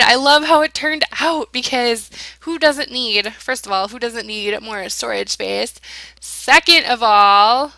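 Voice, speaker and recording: Bright, chatty young woman rambling along. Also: fairly high pitch, slow, vocal fry, no room sound. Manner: rambling, chatty, giggly, self-deprecating. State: tired. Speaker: gaming channel host. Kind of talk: casual voice-over commentary on a build.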